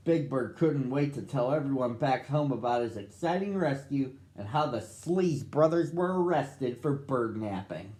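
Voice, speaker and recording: Expressive man reading a storybook. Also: medium pitch, unhurried, hardly any pauses, echoey room. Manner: expressive, addressing children. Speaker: storyteller for children.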